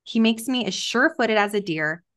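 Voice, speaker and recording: A woman guest on a podcast, teaching in an earnest, emphatic way, slowing down and stressing her words when she reads scripture. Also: on the high side, expressive, fairly bright tone. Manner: earnest, emphatic, says "right?" often. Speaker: podcast guest, Christian coach.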